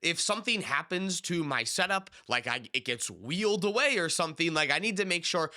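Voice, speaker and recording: A man chats casually on a podcast, explaining his views in a relaxed back-and-forth. His voice is bright and slightly high-pitched. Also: brisk. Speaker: podcast co-host. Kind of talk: casual chat about card games.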